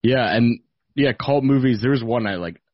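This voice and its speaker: A man's voice: mid-range voice, moderate pace, dry recording, lo-fi sound. A man hosting a podcast in a loose, chatty way, swearing freely. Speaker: podcast host. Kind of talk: casual chat.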